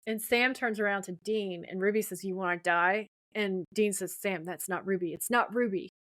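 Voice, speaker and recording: A woman's voice: medium pitch, steady tone, normal speed, a bit bright, no room sound. A woman co-hosting a podcast, casually retelling a TV episode scene by scene and quoting the characters' lines. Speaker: podcast co-host.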